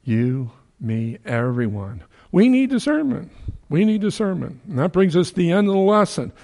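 An older man from New Jersey preaching a sermon in a conversational way, chuckling now and then and rising to emphatic peaks. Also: mid-range voice.

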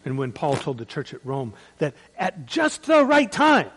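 Male pastor preaching slow, highish voice, big dramatic swings loud to hushed. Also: wildly swooping pitch, noisy background. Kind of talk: sermon. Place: church.

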